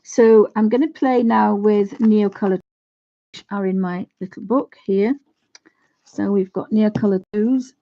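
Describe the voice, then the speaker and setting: A woman's voice: mid-range voice, fairly even intonation, unhurried, dull audio. A woman teaching watercolour on a casual live stream, chatting and thinking aloud to her viewers as she paints. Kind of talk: casual live craft demonstration.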